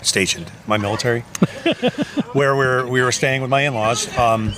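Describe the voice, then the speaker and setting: A man's voice: mid-range voice, a little slow, crowd noise. A man co-hosting a fishing podcast in casual chat, talking loosely with frequent restarts. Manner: loose, talkative, restarts often. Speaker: podcast co-host.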